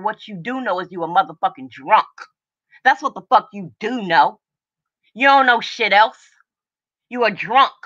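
A woman's voice: medium pitch, fairly bright tone, muffled recording. A middle-aged woman hosting a livestream, ranting in furious, profane confrontation, agitated and overheated, and repeating her lines for emphasis. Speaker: livestream host. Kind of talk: angry livestream rant.

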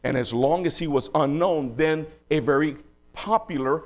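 A man preaching a sermon as pastor, moving from low, quiet asides to raised, pleading cries. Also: normal speed.

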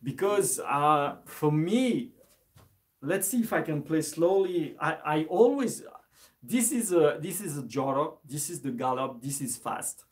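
A man teaching an instrument lesson on a live stream, speaking in a relaxed, hesitant way with many fillers and restarts. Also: fairly high pitch, measured pace. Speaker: music teacher.

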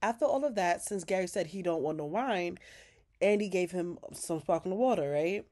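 A woman's voice: fairly low pitch, moderate pace, a little mellow. Sassy woman recapping a TV episode. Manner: chatty, sassy asides and quoted dialogue. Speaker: recap vlogger.

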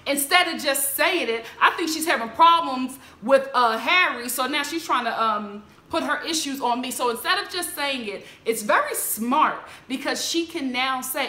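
A woman casually recapping a reality show, mimicking the cast members with bright put-on voices. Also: normal speed, few pauses, roomy sound. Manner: animated, mimics the people she recaps in a higher voice. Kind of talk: casual commentary.

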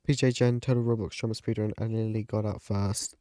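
A man giving casual gameplay commentary as a YouTuber, chatty and excitable, gasping and yelping at the game. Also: on the low side, normal speed, no room sound, studio quality. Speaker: gaming YouTuber.

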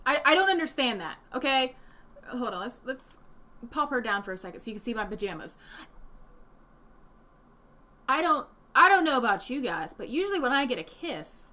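A woman giving casual reaction commentary from home, indignant and animated, swearing often. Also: fairly high pitch, fairly quick. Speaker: commentary vlogger. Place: home room with desk and a dog nearby.

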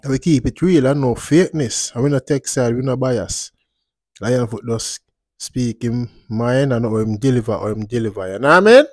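Male host, relaxed rambling commentary, mid pitch, dry close sound. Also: moderate pace, no echo. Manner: laid-back, drifting, repeats "you see me". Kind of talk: casual commentary vlog.

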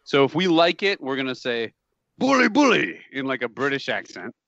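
A man chatting on a podcast, joking crudely and laughing a lot. His pitch swings widely as he talks. The sound is dry and slightly muffled. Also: animated, a little fast, fairly bright tone, dry recording. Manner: jokey, crude, laughs often. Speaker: podcast co-host. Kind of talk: casual chat.

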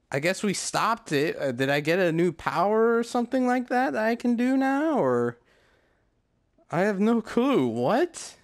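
A man's voice: sits high, very animated, a little slow. A man giving casual let's play commentary, reacting with confusion, laughs and swearing. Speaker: gamer. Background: game music.

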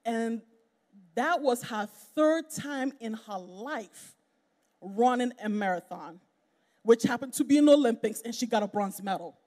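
A woman's voice: a little high, unhurried, darkish tone. A woman preaching a sermon in a church, talking conversationally and laughing with the congregation. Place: church sanctuary. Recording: reverberant church hall.

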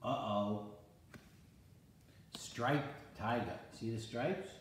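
An older man, a grandfather, playfully reading a picture book aloud to his grandchild, with sudden high exclamations. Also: very slow, heavy reverb, a little hiss or hum.

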